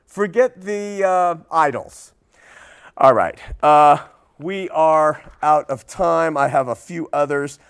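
A man's voice: on the high side, slow, gravelly, clean tone. A man hosting a religious commentary podcast, talking in an earnest, preachy way with frequent fillers and restarts. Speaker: podcast host.

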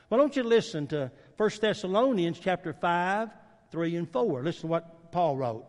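A man preaching a sermon, swinging between loud emphatic declarations and low, intense passages. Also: lively intonation, unhurried, long reverb tail.

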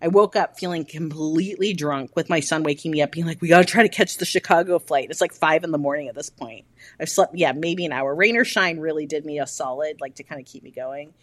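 A woman from the American Midwest, a podcast co-host telling a casual, animated story and acting out the dialogue. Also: low voice, brisk, no echo. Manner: animated, acts out quoted dialogue, swears casually.

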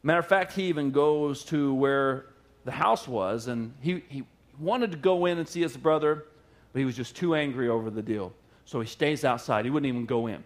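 A male pastor preaching a sermon, retelling a parable with animated, repetitive emphasis. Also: mid-range voice, moderate pace.

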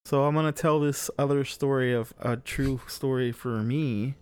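A man's voice: medium pitch, fairly even intonation, normal speed. A young man telling a long story in casual podcast chat, rambling with many fillers and frequent swearing.

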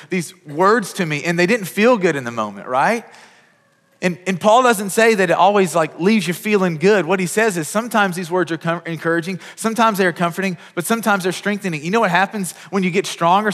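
A man's voice: high-pitched, a bit bright, big-room sound. A man in his thirties preaching a sermon as pastor, earnest, often repeating words as he goes. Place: church hall.

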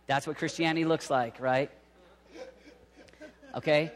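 A male preacher with a high voice fires up his listeners and slips into little voices for the people he quotes. His words ring with a long echo in a big hall. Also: normal speed. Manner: energetic, acts out quoted voices. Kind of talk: sermon. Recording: reverberant hall.

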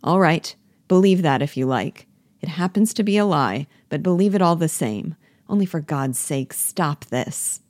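A woman's voice: deep voice, expressive, normal speed, darkish tone, no room sound, studio quality. A woman reading the part of an awkward, guilty young man who keeps apologizing. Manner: apologetic, curt. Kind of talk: play reading.

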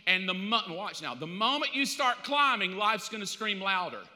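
A middle-aged male pastor preaching a sermon in a casual, animated storytelling way. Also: high-pitched, normal speed. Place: church sanctuary. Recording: reverberant church hall.

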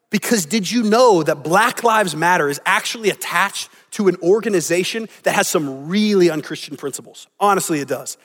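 A man with a fairly high voice delivers a sermon in a relaxed, conversational way and slips into the voices of people in his stories. His words ring out with a long reverb from the hall. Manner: conversational, acts out quoted lines. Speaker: pastor.

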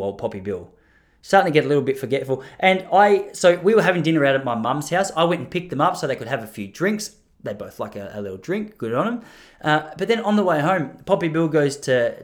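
A man's voice: fairly high pitch, expressive, fast. A man, chatting casually on a live stream with rambling, self-deprecating stories.

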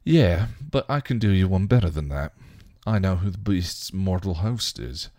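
A man's voice: low-pitched, expressive, moderate pace, dark tone, no echo, clean studio sound. A man voicing a brash, cocky male vampire, reading a fan story aloud. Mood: defiant. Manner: cocky, snarling.

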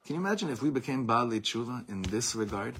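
A man's voice: mid-range voice, expressive, quick pace, a bit bright, slight background noise. A man teaching a religious class, reading lines from a Hebrew source, explaining them in English and stressing points by repeating words. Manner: impassioned, repeats words for emphasis. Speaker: Torah teacher.

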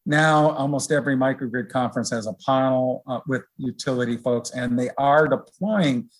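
Husky-voiced man explaining at ease. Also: medium pitch, normal speed. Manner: relaxed, rambling explanations with many fillers. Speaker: research director guest. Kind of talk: conversational interview.

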